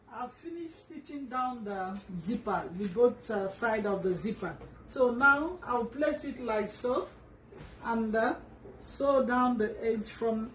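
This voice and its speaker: Working through a sewing tutorial, a woman speaks in an unhurried, patient way, pausing to rephrase, restarting, and dropping fillers as she goes. Her voice is fairly high, and she's far from the microphone in an echoey space where a faint hum lingers.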